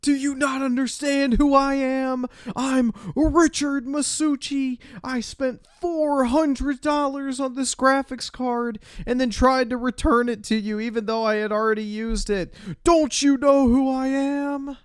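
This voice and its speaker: A man putting on a shrill entitled customer. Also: steady tone, unhurried, hardly any pauses, smooth, no room sound, clean studio sound. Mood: mocking outrage. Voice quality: shrill, raised and strained.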